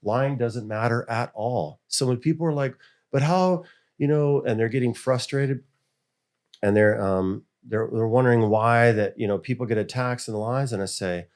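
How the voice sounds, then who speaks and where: Speaking at a moderate pace in a medium pitch, the middle-aged American man, a member of a school board, tells stories in an easygoing interview. He's animated and acts out each quoted voice.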